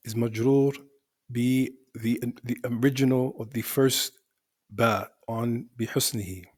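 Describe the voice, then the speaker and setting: A man's voice: medium pitch, steady tone, normal speed. A male teacher explaining the grammar of an Arabic poem line by line, in a methodical way that repeats and rephrases for emphasis.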